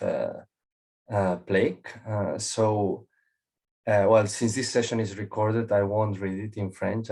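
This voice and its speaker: A man's voice: on the low side, darkish tone. A man giving a conversational academic conference discussion of a paper, with personal asides.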